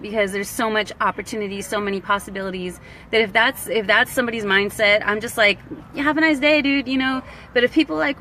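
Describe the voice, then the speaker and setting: A woman talking casually to viewers on a live stream, animated and slangy, acting out what people said and laughing often. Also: on the high side, slight background noise, poor audio. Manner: animated, slangy, laughs a lot, acts out quotes. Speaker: online business vlogger.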